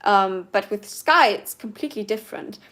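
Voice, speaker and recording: A woman's voice: medium pitch, expressive, normal speed, fairly bright tone. Chatty young woman livestreaming. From Germany. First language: German. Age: 20s. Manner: chatty and earnest, many fillers and restarts. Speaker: livestream host. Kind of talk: live Q&A reading viewer comments.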